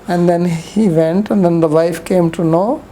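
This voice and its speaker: A woman's voice: fairly low pitch, steady tone, measured pace, mellow, a little hiss or hum, low-quality recording. A woman giving a rambling, conversational scripture lecture, telling stories with frequent asides.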